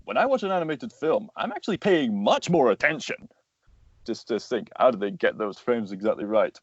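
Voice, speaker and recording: A man's voice: mid-range voice, very animated, normal speed, breathy edge, dry recording. A young man, a voice actor and animator, explaining his craft earnestly in a casual interview. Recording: dull lo-fi sound, dry.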